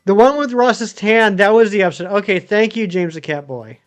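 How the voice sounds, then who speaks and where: High-voiced chatty man streaming. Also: normal speed, smooth, soft background music. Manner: rambling, chatty, many ums and uhs. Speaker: game streamer. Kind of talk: casual live-stream chat answering viewers.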